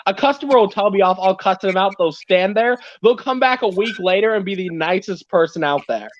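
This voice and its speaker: High-voiced guy ranting about customers, blunt, animated, lo-fi stream audio. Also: brisk. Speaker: livestream guest. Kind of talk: casual chat.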